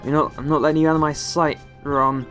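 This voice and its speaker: A man's voice: a little high, flat delivery, a little fast, fairly bright tone, faint music behind. A young man from the West Country of England doing let's play commentary, exclaiming and grumbling at the game as he plays. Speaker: gaming video host.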